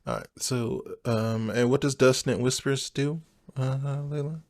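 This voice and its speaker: A man running a tabletop game as game master, describing scenes in an unhurried way. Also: medium pitch, fairly even intonation, a little mellow.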